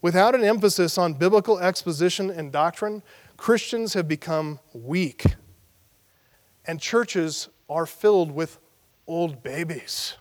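A man's voice: sits high, measured pace, long reverb tail. A man preaching an expository sermon as pastor, emphatic and repeating his key phrases.

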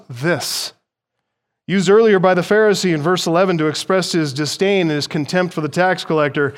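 Emphatic male preacher with a higher voice. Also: normal speed. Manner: emphatic, swings between soft and loud for stress. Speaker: pastor. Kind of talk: expository sermon.

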